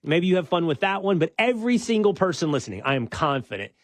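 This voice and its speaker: A man's voice: high voice, fast talker, no echo. A man hosting an opinion talk show, making his case in a conversational, argumentative way. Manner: conversational, argumentative, animated when making a point.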